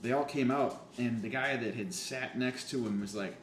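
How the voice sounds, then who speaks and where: A man's voice: medium pitch, moderate pace. A young man telling a story in casual chat, swearing freely and acting out the people he quotes. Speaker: podcast guest. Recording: echoey room with faint hum.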